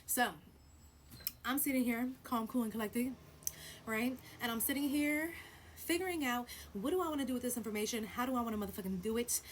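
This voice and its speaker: Profane, animated woman vlogger. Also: on the high side, a little fast, slight background noise. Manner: blunt, profane and animated, swings between loud emphasis and hushed asides. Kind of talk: storytime vlog.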